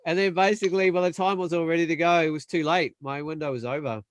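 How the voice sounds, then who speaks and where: A young man telling a long, animated story in casual chat, acting out the other people's voices. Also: fairly high pitch, dry recording. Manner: animated storyteller, acts out quoted voices, quick bursts. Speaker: panel guest.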